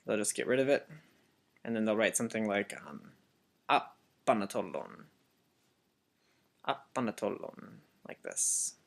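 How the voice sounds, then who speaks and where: A teacher giving a Biblical Greek lesson as a voice-over, speaking deliberately and repeating each word so learners can copy it. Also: medium pitch, animated, vocal fry. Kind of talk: slow instructional voice-over.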